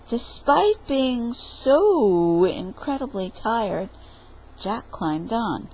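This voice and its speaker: A woman reading a story aloud at storytime in a playful, expressive way. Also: fairly high pitch, drawn-out words, husky, rough recording. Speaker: library storyteller.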